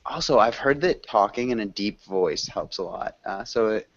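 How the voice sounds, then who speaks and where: A man's voice: on the low side, moderate pace, no echo, muffled recording. A man teaching an online English class, chatting casually with students and rambling through fillers. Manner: relaxed, rambling, many fillers.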